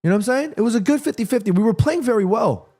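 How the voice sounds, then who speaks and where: A man hosting a live football watchalong, reacting excitedly to the play and reading viewer comments aloud. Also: high-pitched, very fast. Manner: chatty, addresses viewers and reads their comments. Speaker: watchalong host.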